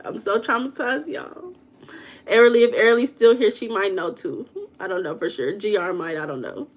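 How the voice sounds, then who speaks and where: A woman's voice: medium pitch, fairly quick. Chatty woman hosting a livestream. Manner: chatty, reads and answers viewer comments, dramatic storytelling. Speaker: livestream host. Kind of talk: casual livestream chat.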